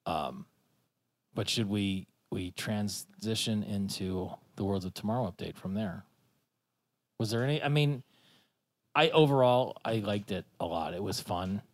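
Lowish-voiced man hosting a casual chat. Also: unhurried. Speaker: podcast host.

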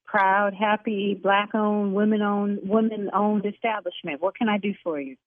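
A woman who owns a salon, arguing brashly on a phone call and getting loud and cursing. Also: mid-range voice, steady tone, moderate pace, dry recording. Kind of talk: heated phone argument. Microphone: telephone. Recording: tinny phone line.

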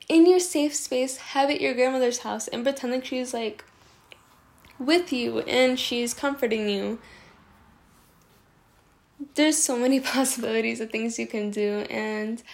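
A young woman hosts her own podcast in a loose, chatty way, her fairly high voice catching in a gravelly fry at phrase ends. She rambles warmly to her listeners, leaning on filler words as she goes. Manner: affectionate toward listeners. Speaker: podcast host. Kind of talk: casual podcast talk on self-soothing.

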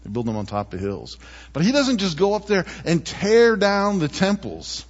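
A man preaching a sermon in a relaxed, conversational way, often tossing in rhetorical questions to the congregation. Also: sits high, moderate pace, in a large hall, dull audio. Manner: chatty, asks rhetorical "right?" often. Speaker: pastor.

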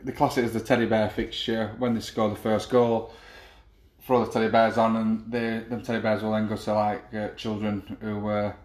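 A man's voice: fairly low pitch, flat delivery, moderate pace, a little mellow. A man co-hosting a podcast, chatting casually in an easygoing, rambling way with frequent restarts. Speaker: podcast co-host. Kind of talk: casual chat. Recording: roomy echo.

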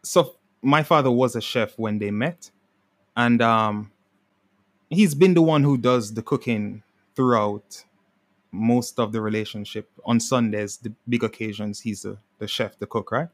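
A man telling relaxed anecdotes in a casual podcast chat, often repeating words as he goes. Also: mid-range voice, measured pace.

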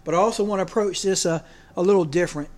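A man's voice: high-pitched, racing, a little mellow. A man preaching a folksy sermon, joking and often restarting his sentences. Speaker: pastor.

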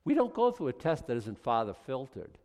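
A pastor preaching a sermon, reading scripture quietly and then building to loud, emphatic exhortation. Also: male voice, mid-range voice, wildly swooping pitch, brisk. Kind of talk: expository sermon. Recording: long hall reverb.

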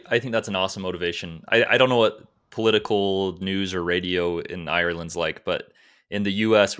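A man's voice: low voice, sharp tone, smooth. A man hosting a podcast interview, friendly and rambling, often trailing off. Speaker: podcast host. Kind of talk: casual interview conversation.

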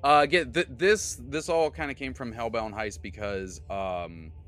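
A man's voice: medium pitch, unhurried, fairly bright tone. A man recapping a tabletop game session as its game master, in casual rambling talk full of fillers and self-corrections. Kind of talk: casual podcast storytelling.

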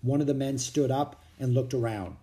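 A reader narrating a children's storybook aloud with an expressive delivery. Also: medium pitch, normal speed. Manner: expressive, animated reading. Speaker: audiobook reader.

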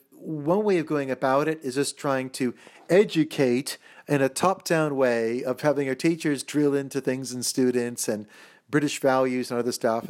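A man answering interview questions in a lively, thinking-aloud way, with lots of fillers and restarts, sometimes putting on other voices to quote them. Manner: animated, mock-quoting other voices with pitch jumps. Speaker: interview guest.

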